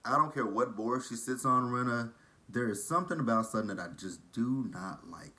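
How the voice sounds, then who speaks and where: A man's voice: mid-range voice, normal speed, bright, forceful tone. Chatty man with a southern drawl. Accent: Texan. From Texas. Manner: chatty, gossipy, shady asides. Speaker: reality TV recap vlogger. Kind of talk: casual recap commentary.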